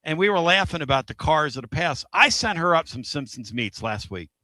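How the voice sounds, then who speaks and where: A man hosting a sports radio show, energetic and rambling, laughing often between stories. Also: a little high, fairly quick, no room sound. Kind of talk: excitable sports radio chat.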